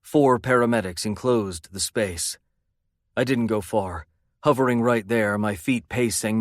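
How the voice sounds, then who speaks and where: Intense low-voiced male narrator. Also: dry recording, clean studio sound. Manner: intense, brooding. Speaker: audiobook narrator. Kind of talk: first-person romance audiobook narration.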